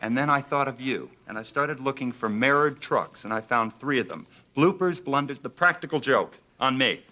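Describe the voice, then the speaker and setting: A man's voice: medium pitch, normal speed. A man talking as a guest on a television talk show, telling long, rambling anecdotes full of fillers. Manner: animated, rambling storyteller with many fillers. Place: television studio.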